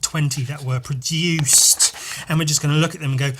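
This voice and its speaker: A man hosting a casual solo podcast as a comic artist, rambling and excitable, swearing a lot, jittery from too much caffeine. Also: fairly high pitch, fairly quick, a little hiss or hum. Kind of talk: casual solo podcast monologue while leafing through comics.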